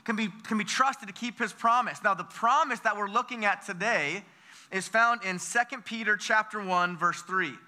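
High, bright-voiced preacher man. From United States. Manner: energetic, with call-and-response questions to the congregation; repeats words and restarts phrases. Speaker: pastor. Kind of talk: sermon.

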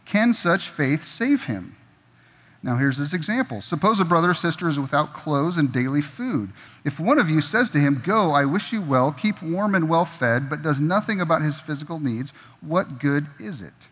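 A man's voice: a little high, expressive, moderate pace, fairly bright tone, slightly rough. A middle-aged man preaching a sermon in a church, conversational and jokey, slipping into quoted voices. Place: church sanctuary. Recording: long reverb of a church hall.

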